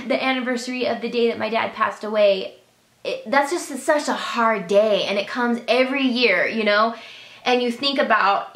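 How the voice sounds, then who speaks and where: A woman's voice: a little high, fairly bright tone. A woman talking to camera in an earnest, emotional, sincere way. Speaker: beauty vlogger. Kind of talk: heartfelt personal talk to camera. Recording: echoey room.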